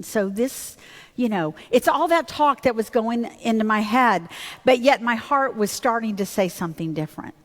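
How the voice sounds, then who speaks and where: A woman's voice: a little high, animated, moderate pace. A woman pastor preaching a sermon in a church, telling a personal story in a candid, conversational way with fillers and self-corrections. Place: church sanctuary. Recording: long reverb of a church hall.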